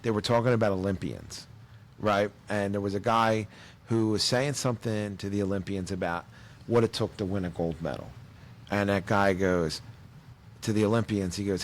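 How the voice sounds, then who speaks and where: A man's voice: on the low side, normal speed, slight background noise. A man talks casually as a comedian guest on a podcast. He tells stories with energy and jumps into voices for the people in them. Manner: animated storyteller, acts out voices.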